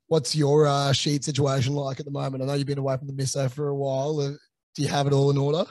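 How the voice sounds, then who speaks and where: A young Australian man hosting a casual podcast chat, easygoing and peppered with swearing and "mate". His voice sits at a middle pitch but stays quite flat. The sound is close and dry. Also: fast, dry recording. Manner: laid-back, swears freely, lots of fillers and "mate". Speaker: podcast host.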